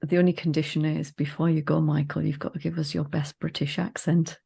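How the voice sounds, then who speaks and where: Woman, gravelly, husky, playful, enthusiastic podcast co-host. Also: deep voice, level tone, fairly quick, warm tone. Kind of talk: casual podcast conversation.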